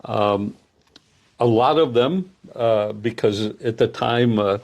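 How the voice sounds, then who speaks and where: An older man who founded the program speaks in a relaxed interview, pausing often with fillers. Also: medium pitch. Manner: hesitant, many filler pauses. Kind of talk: conversational interview.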